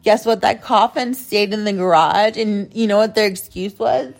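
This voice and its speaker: With a creaky, medium-pitched voice at normal speed, a female podcast host unspools a story in an indignant, profane, casual rant. Filler words pile up, with "like" used over and over.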